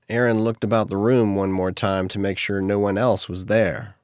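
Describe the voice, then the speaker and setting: A man reading an audiobook in steady, measured scripted narration. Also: lowish voice, no echo, clean studio sound.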